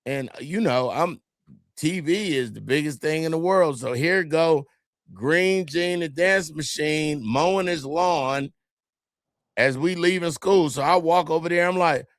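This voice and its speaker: A man's voice: on the high side, a little slow, no echo, studio quality. A man from California telling a family story on a podcast, acting out the people he quotes. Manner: animated storyteller, acts out quotes. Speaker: podcast co-host. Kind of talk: casual storytelling chat.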